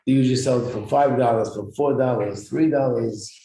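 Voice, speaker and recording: A man teaching an informal religious class in a roomy, echoing space, his voice mellow and dark. He explains step by step, clears his throat now and then, and puts questions to the group. Faint noise sits under the room echo. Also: medium pitch, a little fast. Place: echoey room with a small class.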